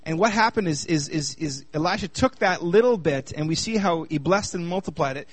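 A male preacher with a high, light voice delivers an animated sermon. He keeps asking rhetorical questions, and the sound is dry and close. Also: a little fast, dry recording. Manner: animated, asks the audience many rhetorical questions.

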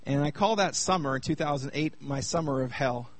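A man from Canada in his thirties, speaking to a live audience in a fairly high voice. He banters with the crowd, then slows and softens to tell a hard personal story. The sound is dry and close. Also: no echo. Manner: lively and chatty with the audience, turning quieter while telling a hard personal story. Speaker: speaker at a youth gathering.

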